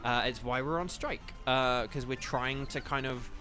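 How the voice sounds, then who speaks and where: A man's voice: medium pitch, unhurried, bright, forceful tone, soft background music. A young man chatting casually on a live game stream, rambling with lots of fillers and apologies, speaking into a desk microphone at home.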